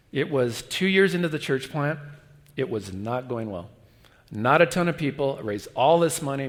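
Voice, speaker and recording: A middle-aged man gives a sermon, mixing lively stories with quiet, pleading passages. His voice sits at an ordinary middle pitch. It rings out with the long reverb of a large church hall. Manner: storytelling, animated, drops to a hush for pleading lines. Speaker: guest pastor.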